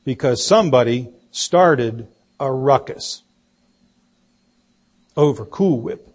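A man preaching a sermon, telling a story slowly and deliberately and acting out the quoted voices. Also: medium pitch, animated, a little mellow. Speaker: pastor.

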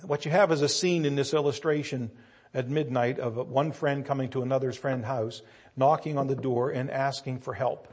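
A man preaching a sermon, acting out a story in different voices and building to loud, emphatic peaks. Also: mid-range voice, steady tone, moderate pace, breathy edge.

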